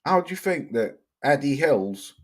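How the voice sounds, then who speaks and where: A man's voice: a little high, big pitch swings, a little slow. Blunt man ranting. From Cheshire, England. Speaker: livestream host. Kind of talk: livestream rant reading chat comments.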